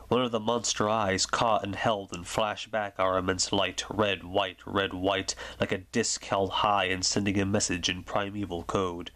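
A man with a low voice reads a story aloud in a soft, soothing ASMR style. His delivery is slow and gentle, meant to lull a listener to sleep. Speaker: reader.

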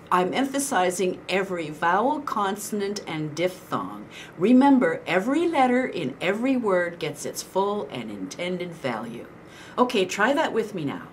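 A woman voice coach speaking in an animated, encouraging way as she walks the listener through her tips. Her pitch sits in the middle but moves a lot, swinging up and down through her sentences. A faint hum of noise sits behind her voice. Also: normal speed. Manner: animated and encouraging, with instructional asides. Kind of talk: instructional tips to camera.

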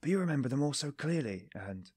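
A man reading an audiobook, voicing a nervous young man who strains to sound calm. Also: medium pitch, fast talker, breathy edge, dry recording, clean studio sound, voice pushed up. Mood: tense. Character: nervous, guarded young man hiding guilt.

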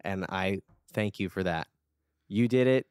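Earnest low-voiced man, casual chat. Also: measured pace, a little mellow, smooth, dry recording, studio quality. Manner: earnest, rambling, many fillers. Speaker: podcast co-host.

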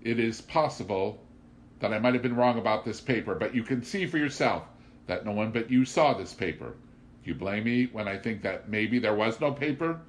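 A man voicing a crafty vagabond who speaks gently and politely, playing innocent. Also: lowish voice, animated, moderate pace, a little hiss or hum, voice pushed up, natural voice. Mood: sly, polite.

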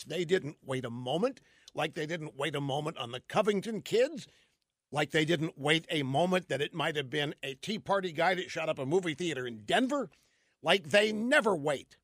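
A man's voice: sits high, pushed and bright, dry recording, studio quality. A man hosting a talk show, delivering a combative, opinionated monologue full of rhetorical questions. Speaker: radio talk host.

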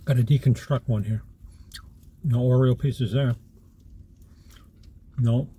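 Raspy blunt man taste tester. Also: medium pitch, steady tone, takes it slowly, warm tone. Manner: blunt, matter-of-fact.

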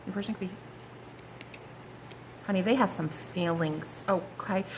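A woman's voice: on the low side, unhurried, slight background noise. A woman giving a casual, gushing tarot reading, full of slang and asides. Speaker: tarot card reader.

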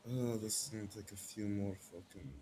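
Frustrated low-voiced man. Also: fairly even intonation, dark tone, husky. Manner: frustrated, halting, heavy swearing. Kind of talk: in-character group argument.

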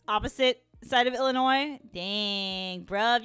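A young woman with a Chicago accent chats loosely with her stream audience, breaking into laughter and reacting to messages as they come. Her voice sits a touch high, and the sound is close and dry. Soft music plays faintly behind her. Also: moderate pace, no echo. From Chicago, USA. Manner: chatty, laughs often, reacts to chat. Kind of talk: casual live-stream chat.

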